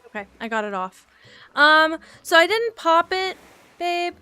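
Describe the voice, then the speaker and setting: A woman's voice: very high-pitched, big pitch swings, measured pace, pushed and bright, soft background music. A young woman chatting casually while playing a game, rambling and repeating silly words. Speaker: gaming vlogger. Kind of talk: casual chat while gaming.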